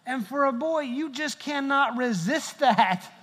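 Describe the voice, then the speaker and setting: A man's voice: very high voice, animated, unhurried, fairly bright tone. A middle-aged male pastor giving a humorous sermon, telling stories and joking with the congregation. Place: large church hall. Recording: long hall reverb.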